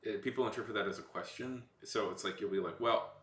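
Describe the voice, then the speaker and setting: A man's voice: on the low side, fast talker, fairly bright tone, reverberant, slight background noise. A man from Texas chatting casually on a livestream, rambling and joking, feeling a little sick. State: slightly sick. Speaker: streamer.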